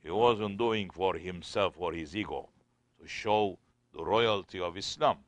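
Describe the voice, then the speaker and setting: A man's voice: low-pitched, unhurried, fairly bright tone, dry recording. A man preaching a sermon as a sheikh, telling stories in simple non-native English.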